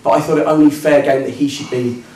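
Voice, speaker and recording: A man's voice: on the high side, fairly even intonation, fast, heavy background noise. A young adult man telling a comic story on stage in a self-mocking, hesitant way, with ums and restarts. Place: working men's club stage, indoors. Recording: echoey club with distant mic and audience. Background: live audience.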